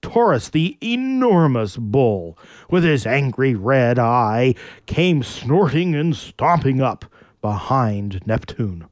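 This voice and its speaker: A man narrating a myth in a playful, very animated storytelling manner. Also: medium pitch, takes it slowly, dry recording.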